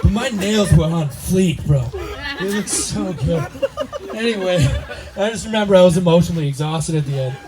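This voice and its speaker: Young man, tipsy, wedding toast, rambling, joking, high-pitched voice, handheld mic, noisy party crowd. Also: normal speed. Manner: rambling, joking, laughing often. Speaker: brother of the groom giving a toast. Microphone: handheld microphone. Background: crowd chatter and laughter.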